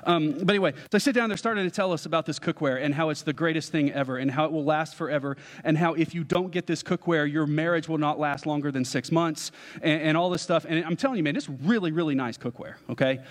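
Man, pastor, slightly high voice, lively joking story in the sermon, long hall reverb. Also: fast. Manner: animated, joking, addresses the congregation.

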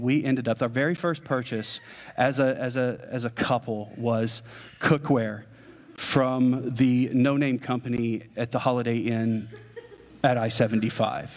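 A man preaching to a congregation, telling a funny personal story in an animated, joking way and talking straight to the listeners. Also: medium pitch, moderate pace. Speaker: pastor. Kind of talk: storytelling sermon. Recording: long hall reverb.

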